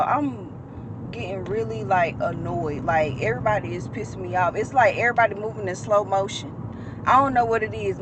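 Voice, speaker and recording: Young woman, twenties, casual vlogger, chatty and blunt, clear road noise underneath. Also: mid-range voice. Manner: chatty, venting and cursing at slow traffic. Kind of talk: casual vlog chat. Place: in a car, then at home.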